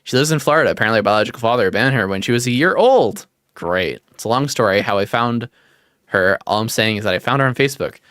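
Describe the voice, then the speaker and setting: A male streamer chats casually to his audience, teasing viewers and reading their messages aloud. The room sound is dry and close, and his pitch sits in a middle range. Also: animated, quick pace, a bit bright, smooth, dry recording. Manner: joking, teasing, reads chat aloud. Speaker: livestream host.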